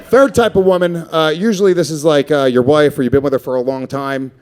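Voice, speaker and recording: A man's voice: fairly high pitch, a little fast, a little mellow, smooth. Brash profane stand-up comic man. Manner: brash, profane, crowd-work. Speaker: stand-up comedian. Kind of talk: stand-up comedy set. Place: comedy stage before a live audience. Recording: live crowd laughter.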